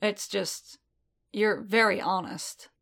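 A woman's voice: mid-range voice, fairly even intonation, takes it slowly, gravelly, fairly bright tone, exaggerated voice. A woman voicing a blunt, guarded adult male warrior who speaks in clipped, direct lines. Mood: earnest.

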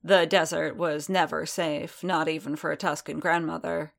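A woman narrating a story aloud in a steady, even storytelling manner. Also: deep voice, normal speed, creaky. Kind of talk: audiobook reading of fan fiction.

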